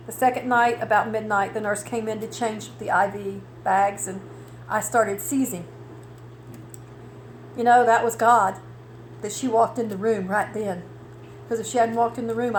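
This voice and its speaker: A woman's voice: mid-range voice, slight background noise, rough recording. A woman giving an earnest personal testimony of faith and healing, building into preaching with scripture cadences. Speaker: cancer survivor giving testimony.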